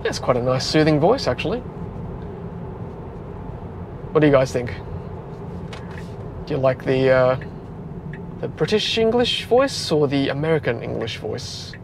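Behind the wheel of a moving car, an Australian vlogger speaks at a normal speed in a gravelly mid-range voice, pausing often. He's chatty and relaxed with frequent fillers, and road noise hums throughout.

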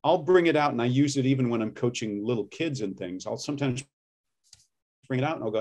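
A man's voice: medium pitch, expressive, fairly quick, darkish tone. A man in a casual interview, talking through his teaching methods as an accent coach. His delivery is loose and explanatory, often stopping to give examples. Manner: explanatory, loose and laughing easily.

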